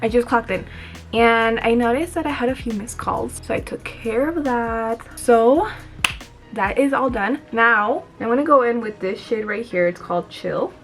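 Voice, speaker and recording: Young woman, chatty code-switcher, bright high voice, light music bed. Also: normal speed. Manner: chatty, switching between English and Spanish mid-sentence. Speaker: beauty vlogger. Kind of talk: casual get-ready-with-me chat.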